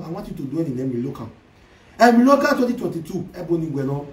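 A man delivers a mocking, loud social media rant, switching between Pidgin, Yoruba and Igbo. His voice sits high for a man and rings in a roomy, echoey space. He sounds set back from the microphone. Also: expressive, fast talker, recorded from a distance. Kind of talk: ranting livestream commentary.

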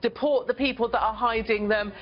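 A woman's voice: a little high, fairly even intonation, fairly quick, dull audio. Impassioned British woman columnist guest. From Britain. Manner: impassioned, emphatic, indignant. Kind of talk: remote TV interview.

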